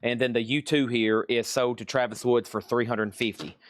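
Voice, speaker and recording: A man's voice: medium pitch, steady tone. Chatty man running a live record sale. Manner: quick, chatty, rattling off prices and bidder names. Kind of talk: live-stream auction chat.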